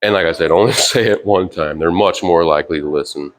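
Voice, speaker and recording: A very low-voiced man talks through dog training in a loose, casual way, full of "you know" and "like". His commands to the dog come out short, a bit louder and sharper than the rest of his speech. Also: fairly quick, noisy background. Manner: relaxed, rambling with fillers, sharp higher commands to the dog. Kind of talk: casual instructional talk. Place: indoors with a dog.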